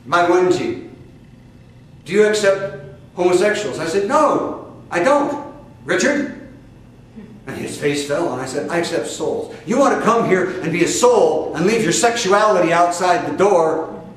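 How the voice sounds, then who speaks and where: Fiery older Midwestern preacher, echoey. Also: male voice, sits high. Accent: Midwestern American. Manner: fiery, emphatic preaching with sudden loud outbursts and drawn-out stresses. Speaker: spiritual teacher. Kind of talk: sermon. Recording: echoey distant room recording with faint noise.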